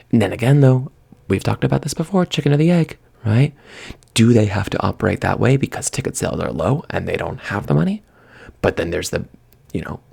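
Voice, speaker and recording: A man's voice: mid-range voice, gravelly, a little mellow, breathy edge. A man ranting in a casual, exasperated monologue. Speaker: vlogger.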